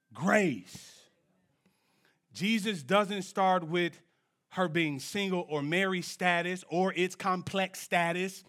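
A man preaching a sermon in church, swinging from low, quiet lines to shouted peaks and drawing answers from the congregation. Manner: call-and-response with the congregation. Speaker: pastor.

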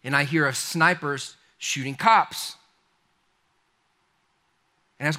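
Animated preacher, bright voice. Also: male voice, on the high side, takes it slowly, pauses often. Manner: animated, conversational, addresses the congregation directly. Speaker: pastor. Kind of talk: storytelling sermon.

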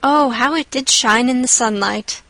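A woman voicing an imaginative, dramatic young orphan girl who talks in breathless, earnest rushes. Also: on the high side, pushed and bright, no echo, rough recording. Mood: confessing. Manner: breathless, pleading then earnest.

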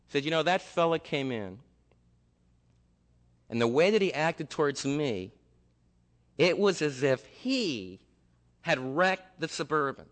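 A man preaching a sermon, telling a story in a lively, conversational way to his congregation. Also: fairly high pitch, moderate pace, in a large hall. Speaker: pastor.

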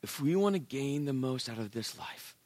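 A male pastor preaching a sermon in an animated way, acting out the voices of biblical characters. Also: medium pitch, normal speed, no room sound.

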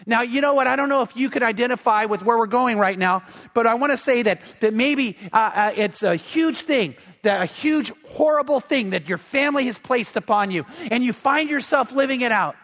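A man's voice: very high voice, animated, moderate pace, hardly any pauses, a bit bright. A man preaching a sermon, telling a story in a conversational way with repeated words and fillers. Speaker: pastor. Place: church. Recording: long church hall reverb.

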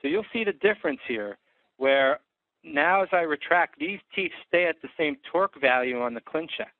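A man's voice: fairly high pitch, expressive, normal speed, dry recording. A man who is an orthodontist, giving a methodical clinical lecture on treatment cases, with frequent fillers. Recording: dry tinny phone-like sound.

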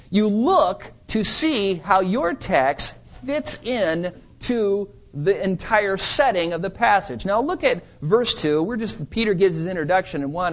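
A man with a high voice preaches an expository sermon. He guides his congregation through a Scripture passage verse by verse. The recording sounds muffled and lo-fi. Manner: expository, walks listeners through a Bible text verse by verse. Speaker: pastor.

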